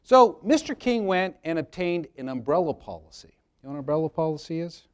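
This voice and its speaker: A man's voice: a little high, very animated, fairly quick, clear, resonant tone. A man presenting a live workshop, talking conversationally to the audience and telling jokey anecdotes about insurance. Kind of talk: live seminar talk with anecdotes.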